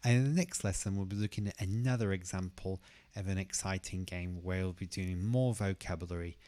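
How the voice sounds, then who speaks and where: A man teaching English pronunciation, who says each word slowly and carefully and repeats it twice. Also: low-pitched, warm tone. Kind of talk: pronunciation lesson.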